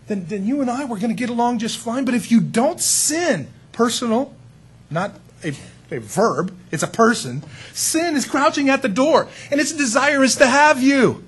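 A preacher acting out God as a pleading, fatherly male deity. The voice climbs high and swings widely, earnest and emphatic, with a very husky, raspy edge. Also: expressive, normal speed, a bit bright, exaggerated voice. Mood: urging.

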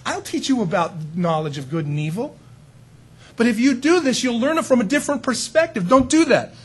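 A man voicing God as a pleading, fatherly deity, with a raspy voice and earnest, emphatic delivery. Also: extremely high pitch, big pitch swings, fairly quick, a little hiss or hum, pitched above the performer's own voice.

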